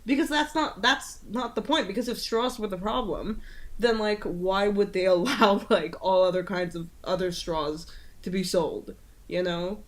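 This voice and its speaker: A woman's voice: medium pitch, a little slow. A woman co-hosting a podcast in casual chat, talking freely with lots of fillers and swearing. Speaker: podcast co-host. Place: home in Italy.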